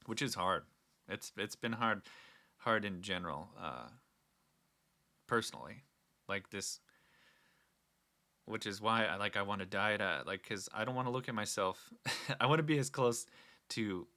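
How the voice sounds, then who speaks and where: A man's voice: on the low side, pushed and bright. A young man hosting a casual solo talk, rambling and earnest with frequent restarts. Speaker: podcast host.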